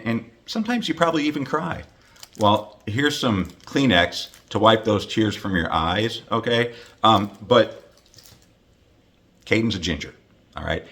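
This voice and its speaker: In his fifties and from the United States, this hockey announcer makes a playful greeting video, ribbing the viewer and scattering fillers and side comments throughout. His voice sits on the low side with a slight brightness.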